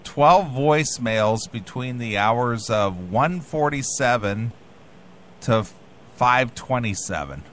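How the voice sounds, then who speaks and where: A man's voice: mid-range voice, expressive, takes it slowly, a bit bright, slight background noise. A man hosting a radio show, laid-back, amused and crude. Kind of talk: casual radio talk.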